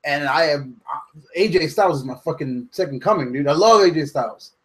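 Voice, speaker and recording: A man with a slightly high voice talks wrestling in a loose, rambling way. He swears often and sounds enthusiastic about the matches. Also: a little fast. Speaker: podcast co-host. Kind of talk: casual wrestling chat.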